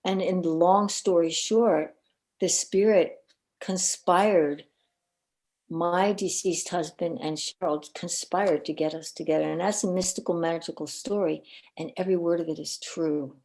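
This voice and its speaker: Unhurried and fairly low in pitch, a woman guest on a podcast tells her personal stories with earnest animation. She is a coach and minister, and words frequently repeat as she speaks.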